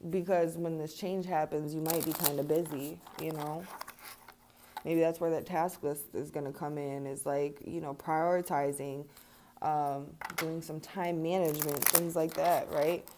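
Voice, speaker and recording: A woman's voice: sits low, steady tone, measured pace, noisy background. A young woman giving a casual tarot and angel card reading to her viewers, chatty and laughing often, swearing now and then. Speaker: tarot reader.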